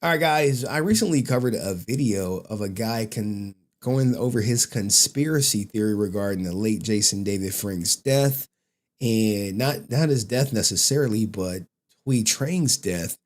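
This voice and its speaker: A man hosting a live stream, chatting casually in an animated, rambling way and laughing often. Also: on the low side, measured pace. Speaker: streamer, host.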